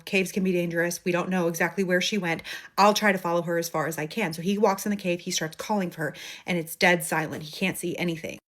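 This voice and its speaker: A woman retelling a submitted scary story in a chatty, conversational way, briefly acting out the people in it. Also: mid-range voice. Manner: chatty, conversational, acts out quoted voices.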